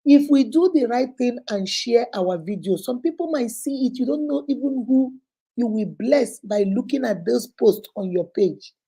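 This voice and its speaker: Effusive Nigerian woman with a mellow voice. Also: on the high side, breathy edge, low-quality recording. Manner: effusive, repetitive, greets viewers by name. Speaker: livestream host. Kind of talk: casual livestream chat.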